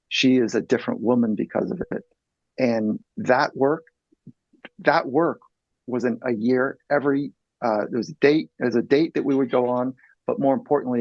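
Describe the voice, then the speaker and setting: A man's voice: mid-range voice, creaky, dry recording, highs cut off. A man in his fifties, a psychologist guest, telling a personal story in an earnest, blunt way and swearing freely.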